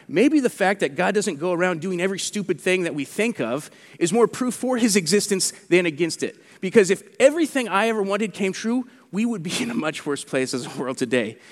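A man preaching a sermon as pastor, animated and conversational, acting out what mockers say. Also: sits high, moderate pace, in a large hall. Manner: animated, acts out mockers' quotes.

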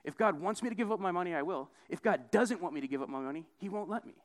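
A young preacher delivers a conversational sermon in an animated voice at a quick pace. His manner is casual, he keeps adding "right?", and he acts out quoted voices with big jumps in pitch.

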